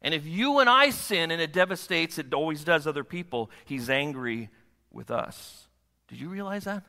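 A man preaching a sermon, his somewhat high voice bright and forceful. He keeps asking the congregation questions and checking that they follow him. The long reverb of a church hall trails behind every phrase. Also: animated, moderate pace, vocal fry. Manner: asks the congregation frequent rhetorical questions. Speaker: pastor.

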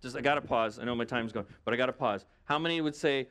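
A man's voice: medium pitch, fast talker, hardly any pauses, a bit bright. A man preaching a sermon as pastor in a conversational way, with lots of rhetorical questions to his listeners.

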